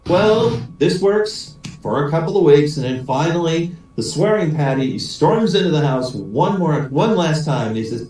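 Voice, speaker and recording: A man's voice: a little high, animated, moderate pace, few pauses, dark tone, very echoey, recorded from a distance, poor audio. A man hosting a comedy show, telling a joke in a chatty way and often checking with the audience. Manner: chatty, keeps asking "right?".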